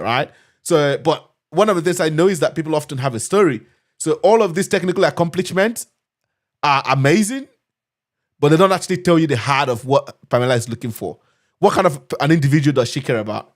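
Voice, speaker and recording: Upbeat man teaching on a live stream. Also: a little high. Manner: chatty and upbeat, talks straight to viewers. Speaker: cybersecurity instructor hosting a live learning session. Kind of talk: live screen-share tutorial.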